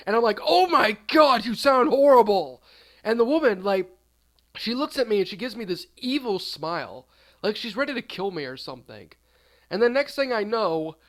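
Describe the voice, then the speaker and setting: High-voiced man telling an absurd story. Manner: rambling, deadpan absurd, trailing off. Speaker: storyteller, channel host.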